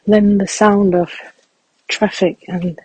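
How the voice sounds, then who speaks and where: A man speaking softly and reflectively as he guides a walking meditation outdoors in a field. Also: high-pitched, takes it slowly, husky, no echo, poor audio. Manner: calm, reflective, soft-spoken.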